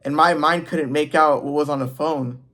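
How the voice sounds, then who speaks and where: A man's voice: fairly high pitch, steady tone, moderate pace, pushed and bright. A man in his twenties telling a personal story in a loose, rambling, self-interrupting way. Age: 20s. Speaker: vlogger. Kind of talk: casual storytelling to camera.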